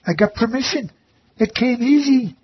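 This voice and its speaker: Earnest high-voiced man giving a testimony. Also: lively intonation, normal speed, slight background noise. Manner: earnest and reverent, repeats phrases for emphasis. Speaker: volunteer who read the Bible to elderly residents. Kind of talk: personal faith testimony, told as a story. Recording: slightly dull lo-fi recording with faint ambience.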